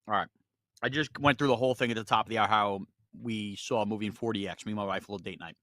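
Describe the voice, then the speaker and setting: A man's voice: on the low side, very fast, dry recording, clean studio sound. A man hosting a sports radio show, telling stories in casual, self-mocking banter. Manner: storytelling, animated, self-mocking.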